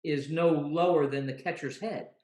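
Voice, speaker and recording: A man's voice: a little high, normal speed, a little mellow. A man guest, an umpire, talking earnestly in a casual interview and often repeating words as he thinks. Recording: roomy echo.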